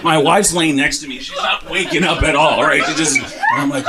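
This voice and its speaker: A male comedian works a club stage with a handheld mic, his voice sitting a bit high. He tells a story and bursts into loud shouted punchlines. A live audience laughs clearly behind him. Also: fairly quick, hardly any pauses. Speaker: stand-up comedian. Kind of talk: stand-up comedy set. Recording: live club set with crowd.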